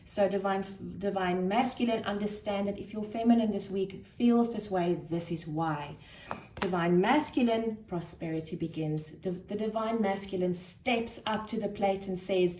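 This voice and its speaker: Soft-spoken woman reading tarot, roomy echo. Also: lowish voice. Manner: soft-spoken, thinks aloud with gentle pauses. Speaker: tarot reader. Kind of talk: spiritual tarot card reading. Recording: roomy echo with faint noise.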